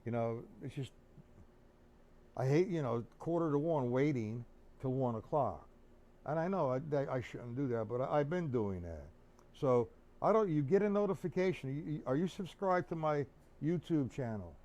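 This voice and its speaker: Chatty drum teacher counting out beats. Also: male voice, medium pitch, expressive, normal speed, dark tone. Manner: chatty, counting beats aloud, addressing chat viewers by name. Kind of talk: live-streamed drum lesson. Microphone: streaming setup. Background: snare drum playing.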